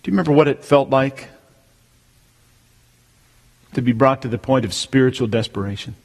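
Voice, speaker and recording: A man preaching a sermon as pastor, emphatic, swelling to near-shouts on key words. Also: medium pitch, normal speed, gravelly, in a large hall.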